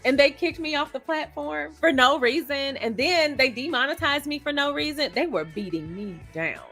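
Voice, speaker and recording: Faint music plays as a woman runs a live stream discussion, her high voice a bit bright with lively intonation at normal speed. She chats casually over viewer comments, greeting people by name and laughing often.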